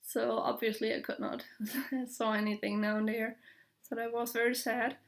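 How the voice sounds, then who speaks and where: A young woman from Germany with a German accent, chatting casually on her podcast, pausing often with fillers and small laughs. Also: fairly high pitch, flat delivery, gravelly. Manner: hesitant, full of fillers, light laughs. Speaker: podcast host. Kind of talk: casual video podcast chat.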